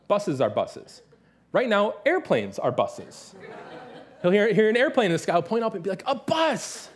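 A man in his thirties preaching a sermon as pastor, telling stories with lively, animated delivery and playful imitations. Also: sits high, normal speed. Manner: animated storytelling, mimics his toddler's excited voice.

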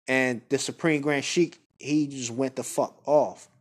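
A guest speaker tells a personal story in a laid-back, conversational manner, full of fillers and asides. His voice is mid-range, steady, and a little slow.

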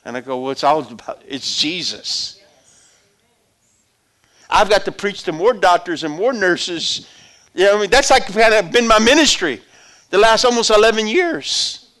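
A middle-aged man with a strikingly high voice delivers a testimony sermon at normal speed, animated and full of long pauses. His tone stays conversational, swelling into loud calls to the congregation and sinking to almost hushed storytelling.

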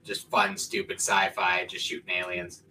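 A man's voice: deep voice, monotone, moderate pace, bright, forceful tone, slight background noise, rough recording. A man co-hosting a podcast in casual chat, talking in a laid-back, offhand way. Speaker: podcast co-host.

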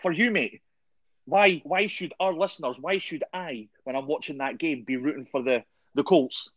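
A man's voice: on the high side, normal speed, a bit bright, no echo. A man hosting a casual sports podcast, rambling with lots of "I mean" and "um". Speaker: podcast host. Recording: dull, dry lo-fi audio.

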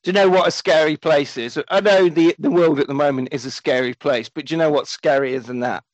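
A man's voice: a little high, a little fast, dry recording, highs cut off. A man hosting a podcast, animatedly recapping a film with lots of swearing and acted-out quotes. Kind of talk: comedic film recap chat.

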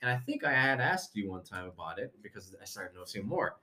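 A man's voice: fairly low pitch, very animated, brisk, bright, forceful tone, reverberant. A man from Texas, a guest telling a rambling story in casual chat. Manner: rambling, full of fillers. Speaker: podcast guest.

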